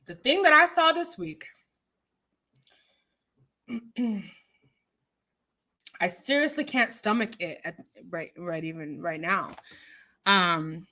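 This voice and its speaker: A woman hosting a casual livestream chat, animated and outspoken, quoting scripture and swinging between loud outrage and hushed apologies. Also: lowish voice, slow, long pauses, a little hiss or hum. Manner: religious, quotes scripture. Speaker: livestream host.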